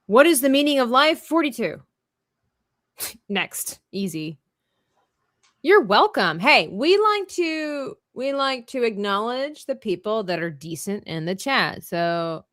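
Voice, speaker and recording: A woman's voice: on the high side, fairly bright tone, dry recording, studio quality. A woman hosting a live drawing stream, chatting playfully and thinking aloud as she works. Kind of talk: casual chat while drawing.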